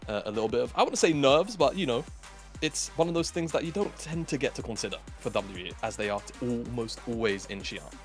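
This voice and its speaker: A man's voice: mid-range voice, lively intonation, a little fast, faint music behind. A man co-casting a live esports broadcast, rambling playfully and often correcting himself mid-thought. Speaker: esports caster. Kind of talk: casual live esports commentary.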